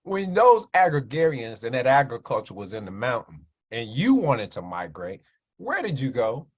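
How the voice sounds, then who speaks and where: A man putting on a hushed, fatherly God. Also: mid-range voice, wildly swooping pitch, moderate pace, pitched below the performer's own voice. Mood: calm fatherly. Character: God, calm fatherly male deity.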